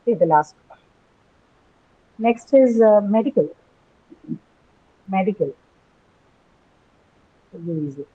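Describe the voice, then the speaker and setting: A woman's voice: mid-range voice, takes it slowly, long pauses, breathy edge. A woman teaching an English class online, patiently repeating words and questioning her students. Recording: tinny phone-like call audio.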